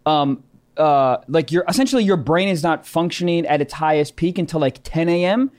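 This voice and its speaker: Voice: medium pitch, moderate pace, darkish tone. A comedian in casual podcast chat, making crude, sarcastic jokes.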